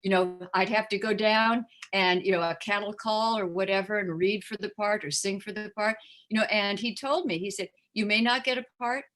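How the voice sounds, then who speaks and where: A woman's voice: mid-range voice, fairly even intonation, normal speed, fairly bright tone. An older woman chatting as an interview guest, rambling with many fillers and slipping into voices when she quotes people. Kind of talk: casual chat.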